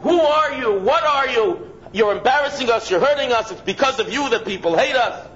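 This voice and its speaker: A man voicing an outspoken woman on a subway who lectures a stranger, in emphatic, drawn-out phrases. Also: very high-pitched, lively intonation, fairly bright tone, reverberant, pitched above the performer's own voice. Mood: berating. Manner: scolding, then gushing, drawn-out emphatic phrasing. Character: indignant woman on a subway, loud and preachy. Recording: dull lo-fi with faint noise.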